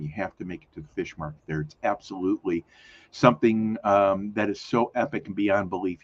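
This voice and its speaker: A man with a somewhat low, husky voice hosts a weekly live community show, chatting casually on stream. He rambles and corrects himself often, filling gaps with lots of fillers. The recording sounds muffled.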